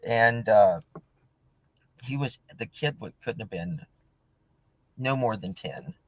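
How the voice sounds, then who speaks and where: A man's voice: lowish voice, animated, slow, background noise. A man hosting a casual talk show, telling an easygoing anecdote with chuckles. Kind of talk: casual chat.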